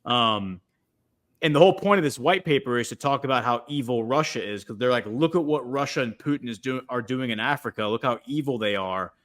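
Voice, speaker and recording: A man's voice: medium pitch, a little fast, fairly bright tone. Rambling man on a livestream. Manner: rambling, many restarts and fillers. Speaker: guest commentator. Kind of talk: livestream political discussion.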